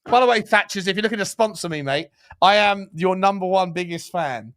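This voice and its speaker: A man co-hosting a live match watchalong, reacting loudly with exasperated, sweary outbursts. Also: high voice, lively intonation, brisk. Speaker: watchalong co-host.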